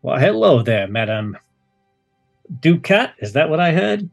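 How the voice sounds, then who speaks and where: A man's voice: fairly high pitch, sing-song, unhurried, creaky, no echo, studio quality, heavily acted. A man playing a cocky male space operative who speaks in a brash, sarcastic, confident way, with faint music behind. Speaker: player.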